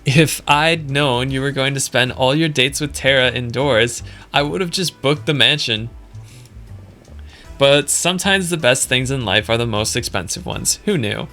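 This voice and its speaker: A man's voice: medium pitch, normal speed, sharp tone, soft background music. A man reading a wry dating-game organizer.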